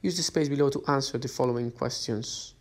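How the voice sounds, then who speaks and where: A man's voice: mid-range voice, fairly quick. A male English teacher talks through a list of workbook exercises in a plain, patient voice. He reads each instruction aloud and keeps checking in with a rising "okay?" as he moves from page to page. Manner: guides students step by step, often checks with a rising "okay?". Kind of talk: recorded lesson instructions.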